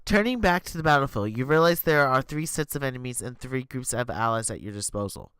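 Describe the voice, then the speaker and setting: A man streaming live, reading an interactive story aloud in an animated way and tripping over words. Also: medium pitch, brisk, clean tone, no room sound.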